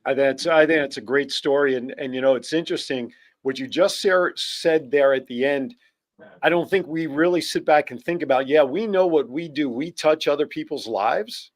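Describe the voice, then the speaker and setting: Reflective male talk show host. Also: a little high. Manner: reflective, measured.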